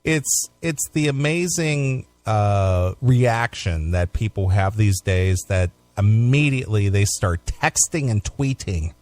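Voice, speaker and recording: A man's voice: on the low side, lively intonation, slow pace, few pauses, a little mellow. Sarcastic man reading news on radio. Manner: reads news items aloud with sarcastic asides and frequent laughs. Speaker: radio show co-host. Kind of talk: casual talk radio banter.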